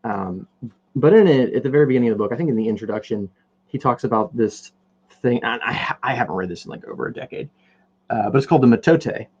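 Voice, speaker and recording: A man's voice: medium pitch, quick pace, a little mellow, slightly rough, lo-fi sound. A man hosting a podcast in a casual, rambling chat while he paints, joking at his own expense. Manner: rambling, jokey, self-deprecating. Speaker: podcast host.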